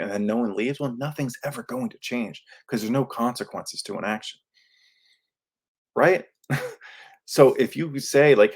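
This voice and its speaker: Low-voiced man hosting a coaching podcast. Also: moderate pace. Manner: earnest, coaching, casual with fillers and laughs. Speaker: podcast host. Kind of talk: solo podcast talk. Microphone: studio microphone.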